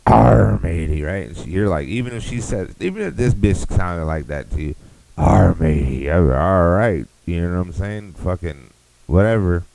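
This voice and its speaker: Deep-voiced man ranting crudely. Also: big pitch swings, brisk, dark tone, a little hiss or hum, rough recording. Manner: rambling, profane, riffing. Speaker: podcast host. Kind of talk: crude comedic podcast rant.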